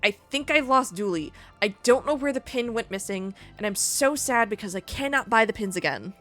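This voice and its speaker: With a fairly high, expressive, slightly bright voice at a moderate pace, the young woman chats casually while streaming a video game over soft background music. She rambles, restarts often, uses plenty of fillers and giggles frequently between comments.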